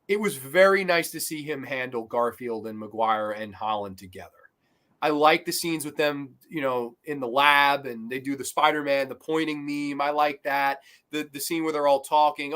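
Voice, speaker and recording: Brief: male podcast talker, slightly high voice, loose, animated, swears casually. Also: moderate pace. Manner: animated, swears freely, trails into fillers. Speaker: podcast co-host.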